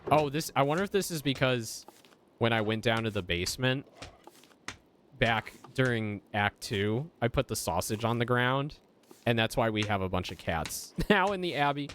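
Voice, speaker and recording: A man's voice: mid-range voice, lively intonation, moderate pace, a bit bright, a little hiss or hum. A young man streaming a game, making playful asides between dialogue and laughing often. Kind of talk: casual game commentary.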